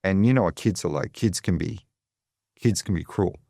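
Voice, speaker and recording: Chatty Australian man, low voice. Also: normal speed, gravelly, warm tone, slightly rough, no echo, studio quality. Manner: chatty, digressive, many fillers. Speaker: guest, financial advisor. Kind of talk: casual interview storytelling.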